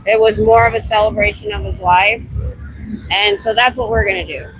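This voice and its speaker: On a city street at night, a chatty woman rambles through a casual livestream and talks to people passing by. Her mid-range voice is a bit bright, with fairly even intonation and a normal speed, and the rough recording carries a little hiss or hum.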